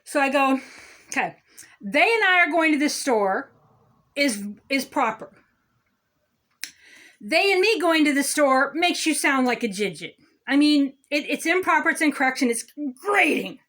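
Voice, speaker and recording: A woman voices a smug male city councilman delivering a condescending grammar lecture, with "okay?" coming up repeatedly, in a satirical comedy monologue. She speaks high and expressively, unhurried and pausing often, with a fairly bright tone.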